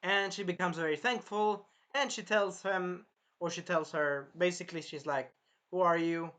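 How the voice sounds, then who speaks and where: A man with a high, sharply bright voice talks through an episode recap in a loose, rambling way. He sounds a little tired and keeps circling back with fillers as he goes. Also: moderate pace. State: tired, clearing his throat. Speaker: anime reviewer.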